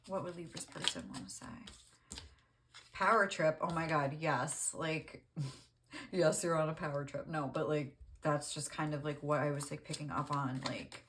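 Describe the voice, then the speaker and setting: Here a woman does a tarot reading in a low, steady, slightly bright voice at normal speed, against slight background noise. Her talk is casual and meandering, peppered with "like" and frequent laughter.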